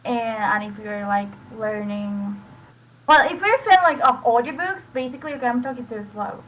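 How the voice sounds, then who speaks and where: Chatty woman, Spanish accent, fairly high voice. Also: expressive, normal speed, fairly bright tone, slight background noise, low-quality recording. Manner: rambling, with many "like" fillers and restarts. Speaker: reading session host. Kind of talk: casual screen-share explanation.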